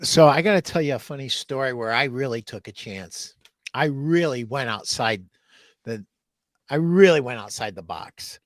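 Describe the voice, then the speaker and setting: A man hosting a podcast, telling a funny story in a lively way and laughing as he goes. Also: medium pitch, moderate pace, no echo, studio quality. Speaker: podcast host. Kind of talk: casual storytelling.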